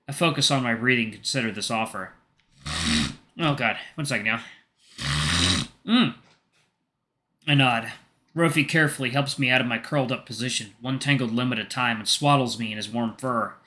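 A man reading a visual novel aloud, calm storytelling with casual asides. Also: medium pitch, moderate pace. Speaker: let's play narrator.

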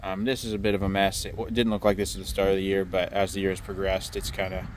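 Standing outdoors beside his work trailer, a pressure washing business owner gives a casual walkthrough vlog of his setup. He talks quickly in a low, monotone drone with almost no rise or fall, blunt and casual, swearing freely and dropping dry self-mocking jokes. Light outdoor noise sits beneath his voice.

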